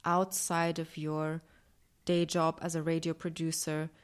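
A woman interviewer asking calm, measured questions about someone's voice. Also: deep voice, smooth.

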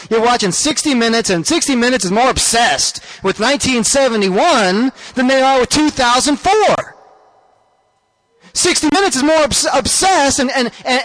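A man's voice: very high voice, a bit bright, low-quality recording. A man hosting a show, delivering an emphatic, sarcastic political rant with lots of repetition. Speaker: radio show host. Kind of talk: ranting political monologue.

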